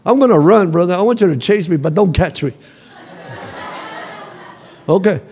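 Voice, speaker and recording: A male pastor preaching a sermon in a church, calling the congregation to repeat after him and building to shouts. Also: high voice, lively intonation, normal speed, a little hiss or hum. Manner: call-and-response preaching, rising to shouts. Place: church sanctuary.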